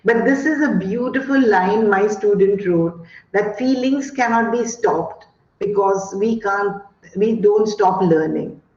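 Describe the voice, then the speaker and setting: A woman gives an expressive, emphatic online lecture to teachers. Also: medium pitch. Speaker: guest speaker on education. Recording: roomy, dull-sounding call audio.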